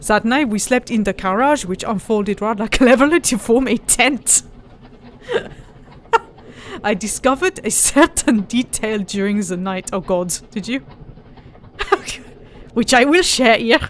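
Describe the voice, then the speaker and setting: A woman's voice: a little high, expressive, slow pace, pauses often, a little hiss or hum. Giggly woman reading a game aloud. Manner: giggly, reads with playful emphasis. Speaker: let's play host reading game text. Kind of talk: casual gameplay chat and reading aloud.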